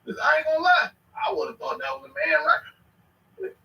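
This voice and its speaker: A man's voice: very high voice, quick pace, bright, forceful tone, dull audio, slight background noise. A man casually reacting to clips on a stream, rambling and slangy with sudden bursts of laughter. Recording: echoey room, mic at a distance.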